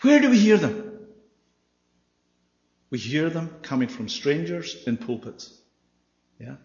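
A man's voice: fairly high pitch, big pitch swings, slow, a little mellow. Emphatic preacher man in an echoey hall. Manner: emphatic, asks the congregation "Yeah?" often. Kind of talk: sermon. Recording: echoey hall, dull sound.

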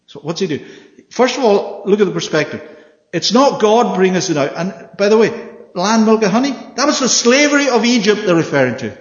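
A man preaching a Bible study sermon, animated and often checking with his listeners through questions. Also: high-pitched, a little fast. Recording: echoey hall, dull sound.

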